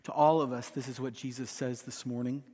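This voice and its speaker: A man preaching a sermon and leading a hushed, pleading prayer from a church stage. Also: medium pitch, steady tone, brisk. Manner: earnest, hushed and pleading, voicing Jesus softly. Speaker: pastor. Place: large church auditorium. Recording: long hall reverb.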